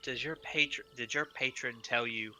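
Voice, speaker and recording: Hesitant man with a bright voice. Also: medium pitch, slight background noise, poor audio. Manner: hesitant, halting, many fillers. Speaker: player. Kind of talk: in-character tabletop role-play.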